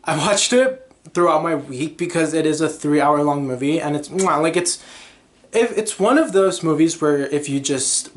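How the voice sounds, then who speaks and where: Young guy rambling on his podcast, kinda high voice, gushy and excitable. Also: normal speed. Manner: chatty, gushing, lots of "like" and sung snippets. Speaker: podcast host. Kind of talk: casual solo chat.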